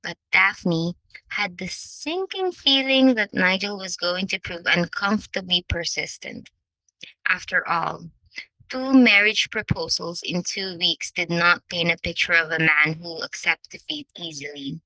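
Bright-toned woman narrating a novel. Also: lowish voice, unhurried, no room sound, poor audio. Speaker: audiobook narrator.

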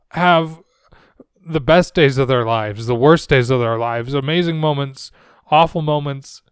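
A man's voice: a little high, clear, resonant tone, no room sound. A young man hosting a solo podcast, talking earnestly and searchingly into a close microphone. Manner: earnest, searching, soft-spoken. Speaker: podcast host. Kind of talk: solo reflective podcast talk.

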